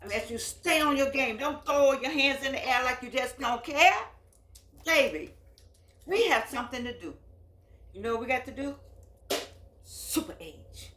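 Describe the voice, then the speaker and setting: A woman's voice: high voice, animated, normal speed, a bit bright, slight background noise. Brief: woman in her eighties, preacherly and repetitive, phone recording with room echo. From United States. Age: 80s. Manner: emphatic, repeats phrases, folksy and preacherly. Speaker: host. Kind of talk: impassioned address to camera.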